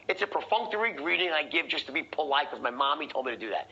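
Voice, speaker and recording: A man teaching a sales training session, animated and profane, acting out the tones of voice he teaches. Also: a little high, fast talker, hardly any pauses, husky, lo-fi sound.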